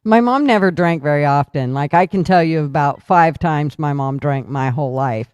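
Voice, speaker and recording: A man's voice: fairly high pitch, moderate pace, darkish tone, smooth, dry recording, muffled recording. A man hosting a casual talk show, telling rowdy stories with lots of swearing and laughter. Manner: profane, laughing storyteller. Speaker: podcast host. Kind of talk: casual storytelling chat.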